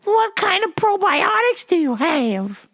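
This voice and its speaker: Woman doing a pushy high-pitched customer. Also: very animated, a bit bright, heavily acted. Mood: demanding. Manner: impatient, insistent, slow. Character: pushy hard-of-hearing woman customer demanding yogurt.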